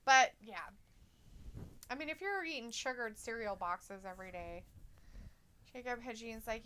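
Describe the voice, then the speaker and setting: A woman's voice: on the high side, sing-song, normal speed, pauses often, bright, forceful tone, clear, resonant tone. A woman co-hosting a live stream, chatting casually, reading viewer comments aloud and laughing often. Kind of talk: casual watch-along chat.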